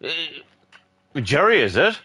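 A rowdy Irish man streams a game and chats casually over voice chat, swearing freely and teasing. His pitch leaps all over the place, and his tone is bright and ringing. He jokes loudly through the banter. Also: huge pitch swings, unhurried, breathy edge. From Ireland. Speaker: gaming streamer. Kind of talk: casual voice chat while gaming.

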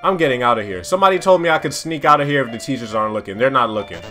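A young man talks over his gameplay in a lively, bright voice that swings up into loud, exasperated outbursts. He is slangy and repeats his lines for effect, and soft music plays underneath him. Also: mid-range voice, very fast. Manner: loud, animated, exasperated reactions to the game. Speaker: gaming YouTuber. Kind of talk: casual let's-play commentary.

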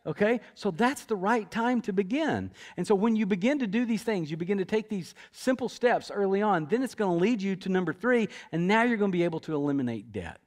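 A middle-aged man preaching a sermon as senior pastor, talking conversationally with stories, asides and quick restarts. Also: high voice, very animated. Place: church auditorium.

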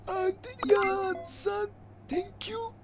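A man voicing a cheerful old man in a squeaky, shouted high voice, as an impression of a streamer's bit. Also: flat delivery, extremely slow, vocal fry, music in the background, heavily acted.

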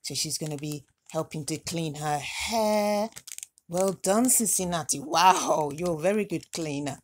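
A woman hosting a doll unboxing vlog at home, talking to her dolls in a gentle, motherly baby-talk voice. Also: low voice, unhurried, a little hiss or hum. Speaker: doll collector and channel host.

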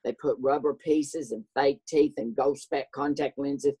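An older man with a Southern US accent and a high voice often taken for a woman's, telling stories in a lively way and acting out the voices. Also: unhurried, slightly rough. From American South. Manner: animated, acts out voices in his stories. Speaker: guest. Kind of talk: casual anecdotal storytelling.

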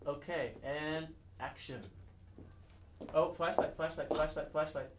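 A man's voice: fairly high pitch, fairly even intonation, measured pace, roomy sound, recorded from a distance, background noise, natural voice. An actor playing a harried film director who coaxes his model and keeps calling action and cut. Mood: coaxing. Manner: cajoling, flustered, calls action and cut.

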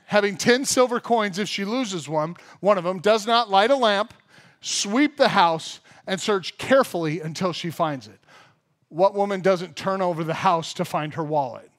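High-voiced pastor preaching with lively humor. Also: male voice. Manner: animated storyteller, acts out funny everyday scenes. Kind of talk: sermon. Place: church service.

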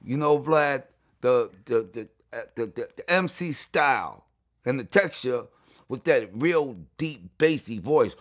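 A middle-aged man from New York telling stories in an interview, excitable and full of asides, often jumping up high when he quotes people. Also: unhurried. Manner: excitable, repeats "you know what I'm saying", jumps to high voice when quoting. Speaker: interview guest. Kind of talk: animated storytelling.

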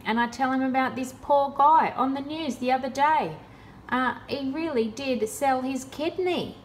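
A woman's voice: high voice, measured pace, slight background noise. A woman in a casual vlog, talking in a sarcastic, exasperated way. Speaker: vlogger.

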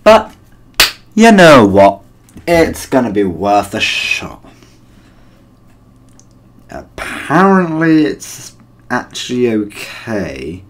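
A British man talks through his gameplay in a loose, rambling way, often making fun of himself. His voice sits on the lower side. A faint hum of room ambience sits under it. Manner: chatty, rambling and self-deprecating. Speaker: gaming channel host. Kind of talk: casual gameplay commentary.

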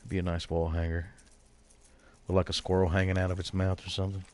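A man's voice: low voice, monotone, fast, a little mellow. A man streaming a game and chatting casually with his viewers, bantering with them by name. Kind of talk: casual live gameplay commentary.

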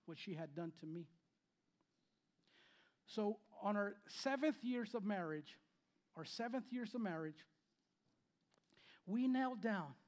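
A man, preaching a sermon to his church, emphatic and repeating phrases, swinging between loud and quiet. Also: high-pitched. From Spanish-speaking background. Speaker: pastor. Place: church sanctuary.

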